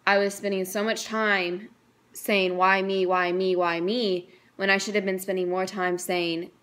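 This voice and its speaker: A teenage woman vlogging a personal faith testimony, earnest and emotional, chatty with lots of "like". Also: mid-range voice.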